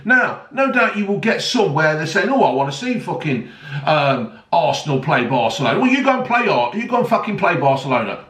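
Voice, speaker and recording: Sweary ranting Englishman, lively high voice. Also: distant mic. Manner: sweary, sarcastic, heated. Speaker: vlogger. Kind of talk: angry ranting monologue. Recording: roomy, voice a bit off-mic.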